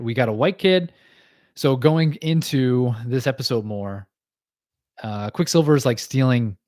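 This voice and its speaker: A man hosting a casual livestream, talking through cartoon episodes with easy laughs and plenty of filler words. His voice sits at an ordinary middle pitch. The sound is dry and close, with no room around it. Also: dry recording. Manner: chatty, laughs often, many fillers and quick asides. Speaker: podcast host.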